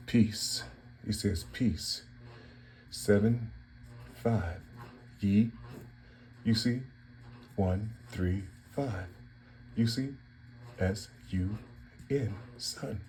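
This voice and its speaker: A man's voice: fairly low pitch, dark tone, slight background noise. A man from Ohio giving a casual, repetitive monologue on hidden codes in words, talking straight to his listeners in a preachy way. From Cincinnati, Ohio, US. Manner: repetitive, circling back on phrases; preachy, addressing listeners directly. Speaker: channel host.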